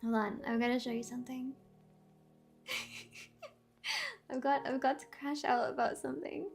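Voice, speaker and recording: A woman streamer in a casual live-stream rant, animated, swearing a lot and laughing often. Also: high-pitched, measured pace, creaky, faint music behind. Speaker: VTuber streamer.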